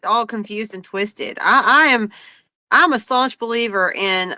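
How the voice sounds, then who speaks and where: A woman's voice: medium pitch, unhurried, sharp tone, dry recording, low-quality recording. Woman in a profane, furious rant. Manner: profane, confrontational, emphatic. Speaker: livestream host. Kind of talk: angry livestream rant.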